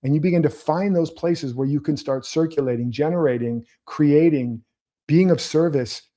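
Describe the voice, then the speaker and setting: A man's voice: on the high side, moderate pace, mellow. A man hosting his own show, giving earnest motivational commentary and coaching his viewers directly. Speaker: host.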